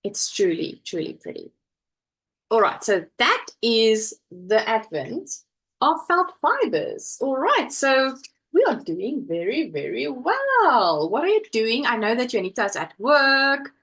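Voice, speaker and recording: A woman's voice: fairly high pitch, sing-song, takes it slowly, a bit bright, rough recording. A woman hosting a casual crafting live stream from home, chatting and reading viewer comments aloud. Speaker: livestream host.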